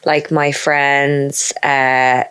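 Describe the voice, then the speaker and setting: A young woman co-hosting a podcast, teasing her co-host in quick casual banter. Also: very deep voice, flat delivery, fairly bright tone, smooth. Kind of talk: casual chat.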